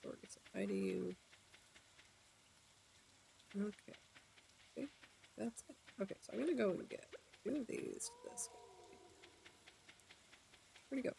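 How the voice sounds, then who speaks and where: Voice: mid-range voice, wildly swooping pitch, a little slow, vocal fry, pauses often, mellow, slight background noise. A game streamer giving live commentary, muttering to themself while playing and now and then talking to chat.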